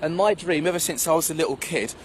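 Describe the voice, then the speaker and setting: Talking at a quick pace in a slightly high voice, a middle-aged man recounts a personal story outside at sunrise. He's an animated storyteller who acts out the other people's voices, while passing traffic and street noise come through.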